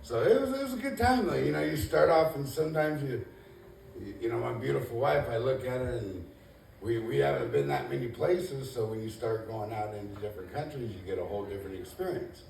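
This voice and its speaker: Doing his first stand-up set, a man rambles in a laid-back, self-deprecating way at a comedy club, saying "you know" constantly. His medium-pitched voice is sing-song, brisk, gravelly and a little mellow, heard through a distant mic in an echoey, noisy club room.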